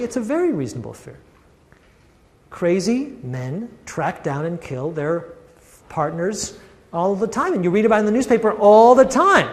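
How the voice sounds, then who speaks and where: A man giving a university lecture in a classroom, animated and acting out the quoted voices. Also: high voice, big-room sound. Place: lecture hall.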